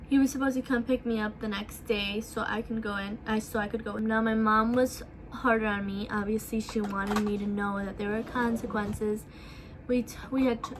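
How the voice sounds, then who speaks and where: A young woman in a casual storytime vlog, recounting events softly with many ums and restarts. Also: on the high side, background noise. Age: young adult. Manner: casual, soft-spoken storytelling with many fillers. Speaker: vlogger.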